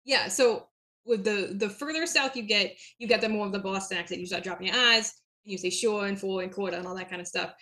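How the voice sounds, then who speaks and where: A chatty young woman from New Hampshire is a guest in a casual interview. She rambles through her stories with plenty of fillers and quick laughs. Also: mid-range voice, sharp tone. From southern New Hampshire.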